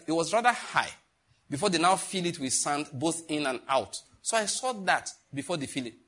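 A man's voice: on the high side, fairly bright tone. A middle-aged man, teaching a sermon in a conversational, joking way and asking the congregation questions. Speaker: pastor.

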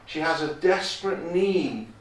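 Preaching in a chapel, this visiting man has a slightly high voice with lively intonation and a somewhat slow delivery. He hammers home key phrases and raises his voice on scripture quotes. Heard from a distance in an echoey room, the audio carries a faint hiss or hum.

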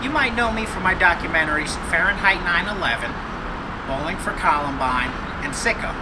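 Guy doing a fumbling serious doc interviewer out on the street, kinda high, traffic behind. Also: expressive, a little fast. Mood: earnest. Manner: earnest, awkward, probing questions. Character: man impersonating a famous documentary filmmaker, earnest interviewer. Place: outdoors on a city street.

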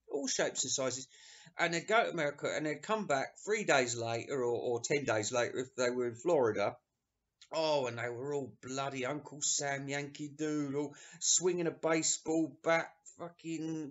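A high-pitched man rants through an album review, sarcastic and mocking, swearing freely. The recording sounds dull and lo-fi. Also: fairly bright tone. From England. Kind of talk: ranting casual review.

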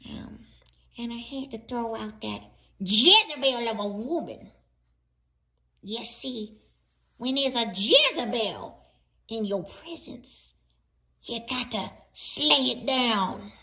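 A woman's voice: a little high, lively intonation, takes it slowly, pauses often, sharp tone, heavily acted. A woman playing a melodramatic, grudge-holding old grandmother who wails theatrically and lectures in a folksy, preachy manner. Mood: coaxing. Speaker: grandmother Sweet Mama. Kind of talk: comedy sketch acting.

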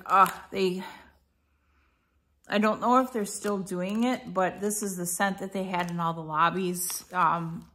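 A woman's voice: medium pitch, a bit bright. A middle-aged woman chatting casually through an unboxing at home, meandering with fillers and self-corrections. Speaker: vlogger reviewing a subscription box.

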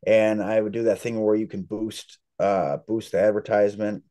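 Guy with a low mellow voice, rambling on about his writing, relaxed chat. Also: normal speed. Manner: chatty, rambling storyteller. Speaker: author guest. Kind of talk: casual interview chat.

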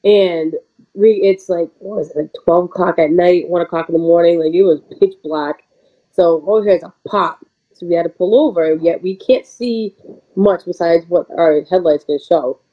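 Lady wrestler in an interview just chatting away, kinda low voice, lots of likes and little laughs. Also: normal speed, muffled recording. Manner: chatty, animated, many "like"s and laughs. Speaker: pro wrestler guest. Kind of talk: casual interview storytelling.

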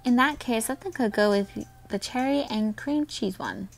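A woman's voice: a little high, normal speed, vocal fry. A woman voicing an awkward, hesitant young male college student in her own voice.

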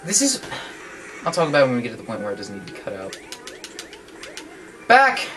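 Chatty gamer guy with lively pitch. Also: very fast, noisy background. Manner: chatty, joking, sudden excited yelps. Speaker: guest player commentating. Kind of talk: casual let's-play commentary. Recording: from a distance with game music behind.

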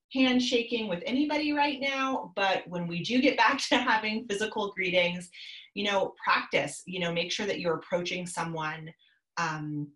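A woman's voice: lowish voice, a bit bright, echoey room, low-quality recording. A woman in her thirties, a business coach, giving upbeat, chatty advice over a video call from her home office.

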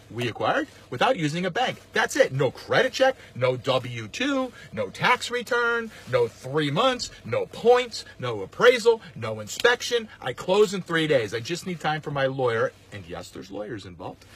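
A man, a landlord giving a rambling, energetic sales pitch straight to the camera. His voice sits a little high for a man and comes across husky and breathy. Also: normal speed. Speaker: landlord and real estate coach. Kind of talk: casual direct-to-camera pitch.

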